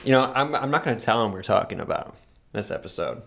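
A man hosting a podcast in casual chat, animated and laughing often, his voice jumping up when excited. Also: mid-range voice, quick pace, creaky. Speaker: podcast host.

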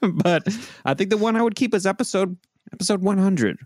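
A man's voice: high-pitched, animated, brisk, a little mellow, no room sound, clean studio sound. A man hosting a comedy podcast, chatting wryly with laughing asides. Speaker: podcast host. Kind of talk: casual comedy podcast chat.

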